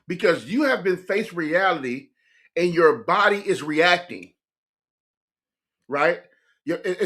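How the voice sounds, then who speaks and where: A man hosting a music reaction video, talking straight to his viewers in an excitable, laughing way. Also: a little high. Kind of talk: casual reaction commentary.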